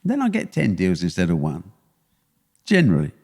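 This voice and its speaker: An older man with an East London accent tells punchy, blunt stories. His low voice rises and falls a lot. The room has a long, ringing reverb. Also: huge pitch swings, normal speed, gravelly, darkish tone. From England. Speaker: guest, sports promoter. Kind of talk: podcast interview.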